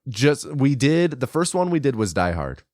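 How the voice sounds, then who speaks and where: A man's voice: mid-range voice, sing-song, moderate pace, a little mellow, no echo, studio quality. A man co-hosting a casual film podcast, laughing often and drawing out his asides. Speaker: podcast co-host.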